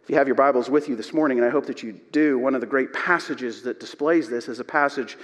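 A man preaching a sermon as pastor, retelling a story slowly and dramatically with hushed emotional passages. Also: mid-range voice. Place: church sanctuary. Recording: long hall reverb.

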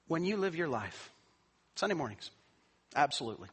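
Husky, bright-voiced male pastor preaching. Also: on the high side, very animated, moderate pace, long pauses. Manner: conversational storytelling, rising to emphatic preaching. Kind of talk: sermon with personal story.

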